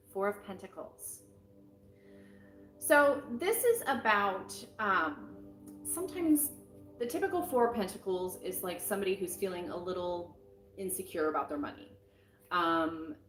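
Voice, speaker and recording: A middle-aged woman with a somewhat low voice gives a casual weekly tarot reading. She is frank and encouraging and rambles along with plenty of fillers. She is recorded at home in a roomy space, with faint music playing behind her. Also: a bit bright. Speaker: tarot reader.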